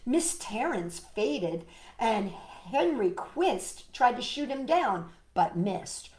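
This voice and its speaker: Slow, lively woman reading a storybook. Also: fairly high pitch. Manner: gentle, expressive storyteller who talks to a puppet. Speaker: children's storytime host. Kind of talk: reading a picture book aloud to children. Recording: roomy echo, faint music.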